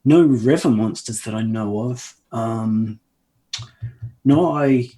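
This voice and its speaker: A man's voice: mid-range voice, slow, dark tone. Hesitant, polite male player. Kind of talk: in-character tabletop play.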